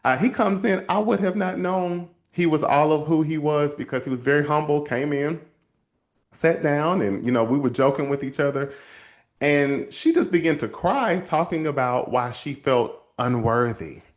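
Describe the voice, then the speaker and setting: A man hosting a show and telling a story from his counseling work in a lively, casual way, calling his listeners y'all. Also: on the high side, normal speed. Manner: animated, addresses listeners as y'all, acts out quotes. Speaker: host and counselor.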